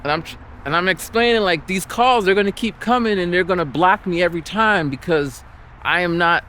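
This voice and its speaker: A man ranting and telling a story while walking outdoors, exasperated and animated. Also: high voice, fairly quick, a little hiss or hum. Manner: exasperated, animated, acts out the people he quotes. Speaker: vlogger.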